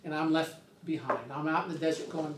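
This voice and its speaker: A man's voice: fairly high pitch, a little fast, background noise. Older man telling a rambling story, distant mic. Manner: rambling, acts out the other people's voices. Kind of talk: casual spoken storytelling. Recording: roomy sound, distant from the mic.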